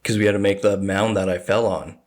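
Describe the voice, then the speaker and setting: Low-voiced dude, chill cohost, lots of yeahs. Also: male voice, little pitch movement, a little fast, darkish tone. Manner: laid-back, short agreeing replies. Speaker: podcast co-host. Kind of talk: casual chat.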